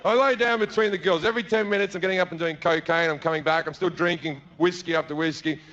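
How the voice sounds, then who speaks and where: A fairly high-voiced Australian man in his thirties delivers a stand-up story on stage, jumping between narration and acted-out voices. The recording is slightly dull, with faint noise underneath. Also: fairly even intonation. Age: 30s. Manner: acts out characters in quick bursts, shouts and mutters. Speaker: stand-up comedian. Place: theater stage before an audience.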